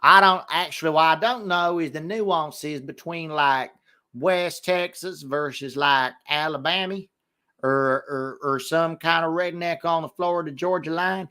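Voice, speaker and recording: An American man hosts a live football watch-along, giving casual match commentary, chatting with viewers, and exclaiming at every chance. His voice is a little high, bright and forceful, at a measured pace.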